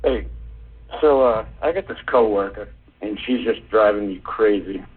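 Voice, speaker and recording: Low-voiced male caller, deadpan jokes. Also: normal speed, breathy edge. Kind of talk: telling a joke on the phone. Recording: tinny phone line.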